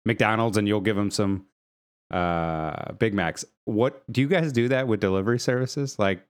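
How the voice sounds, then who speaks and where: A man with a fairly low, smooth voice co-hosts a casual podcast. He teases his friends and spins jokes as he talks. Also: moderate pace. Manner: teasing, joking. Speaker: podcast co-host.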